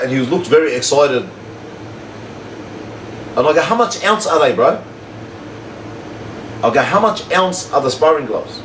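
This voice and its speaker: A man, telling a story to his livestream viewers in casual, slangy chat. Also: a little high. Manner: animated, repetitive slangy storyteller. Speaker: livestream host. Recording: echoey room, slightly distant mic, faint hum.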